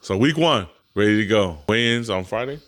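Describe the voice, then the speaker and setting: A man's voice: fairly low pitch, expressive, fairly quick, fairly bright tone, slight background noise. A man co-hosting a casual podcast, a boxing coach who talks bluntly in street slang and swears freely. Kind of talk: casual chat.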